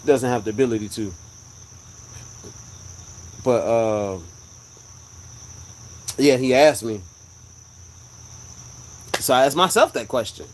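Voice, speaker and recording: A man's voice: mid-range voice, slow, pauses often, a little hiss or hum, rough recording. A man hosting a live stream, telling a personal story earnestly and repeating his points for emphasis. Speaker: livestream host sharing a religious testimony. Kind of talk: live-stream casual talk.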